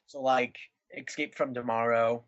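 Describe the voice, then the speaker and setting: A man's voice: medium pitch, steady tone, measured pace. Wired, goofy young man on podcast. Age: young adult. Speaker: podcast co-host. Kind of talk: casual chat. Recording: dull lo-fi podcast audio.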